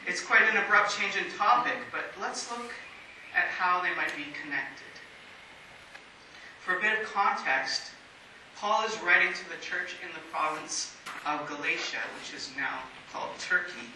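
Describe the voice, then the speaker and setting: A man pastor giving a sermon in a church, speaking in a measured way with emphatic pauses. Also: high-pitched, expressive, sharp tone. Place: church sanctuary. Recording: very echoey hall, distant mic, faint hiss.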